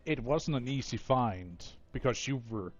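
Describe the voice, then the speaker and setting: A man's voice: medium pitch, animated, unhurried, lo-fi sound, faint music behind. A man running a tabletop game as game master, explaining and narrating with lots of fillers and rambling restarts.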